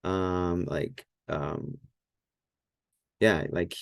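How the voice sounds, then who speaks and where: A man's voice: low-pitched, fairly even intonation, drawn-out words, gravelly, no room sound, clean studio sound. A man teaching Greek at a whiteboard in a casual, thinking-aloud way, with many fillers and self-corrections.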